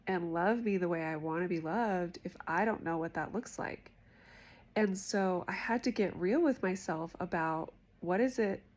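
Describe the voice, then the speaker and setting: A woman hosting a self-help talk, speaking candidly and conversationally about her own experience. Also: fairly low pitch. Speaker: host.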